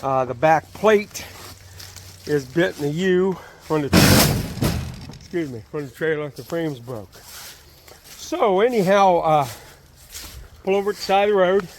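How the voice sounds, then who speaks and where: A man's voice: fairly high pitch, expressive, unhurried, pauses often, background noise. A man telling a story in a casual way, rambling with many fillers and restarts, beside his trailer outdoors. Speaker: channel host telling a story.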